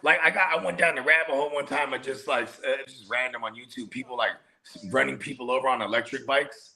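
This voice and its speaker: A man's voice: mid-range voice, steady tone, quick pace, creaky, bright, forceful tone. A man co-hosting a casual show, rambling through slangy stories that trail off mid-thought. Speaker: co-host. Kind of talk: casual chat.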